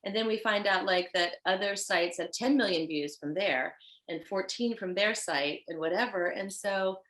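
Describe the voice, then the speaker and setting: A woman with a Haitian accent, a fashion designer guest telling stories in an animated, chatty way. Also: mid-range voice, moderate pace. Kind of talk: casual chat. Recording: roomy echo.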